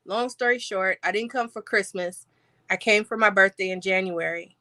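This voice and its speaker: Woman guest, lively storyteller acting out dialogue, bright tense tone. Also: medium pitch, moderate pace, no room sound. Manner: animated, acts out quoted dialogue. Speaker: podcast guest. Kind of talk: personal storytelling.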